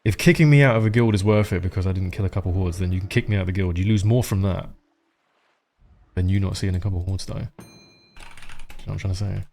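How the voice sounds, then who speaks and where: A man's voice: low-pitched, quick pace, creaky, long pauses, a little mellow, slight background noise. A man streaming a game live, chatting casually and rambling, with frequent swearing.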